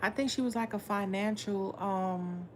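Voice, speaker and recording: A woman's voice: mid-range voice, measured pace, slight background noise. A woman tarot reader chatting casually with viewers on a livestream, blunt and swearing freely. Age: adult with a son.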